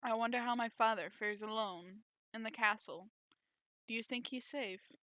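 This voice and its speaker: A woman reading aloud as a gentle young princess, soft and concerned. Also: fairly high pitch, normal speed, dry recording.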